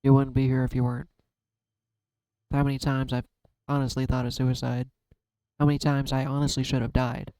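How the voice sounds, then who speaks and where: A man speaks openly to his viewers while holding back tears, often trailing off and restarting. His voice is smooth and mellow with a fairly flat melody. The sound is close and dry. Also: mid-range voice, dry recording, poor audio. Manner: emotional, searching, trails off and restarts. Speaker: YouTube card-reading vlogger. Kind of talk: heartfelt personal talk to camera.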